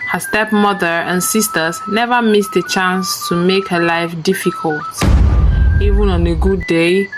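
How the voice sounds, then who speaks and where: A woman narrating a scripted folktale in a slow, measured storytelling manner, with music behind her. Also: lowish voice, low-quality recording. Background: background music.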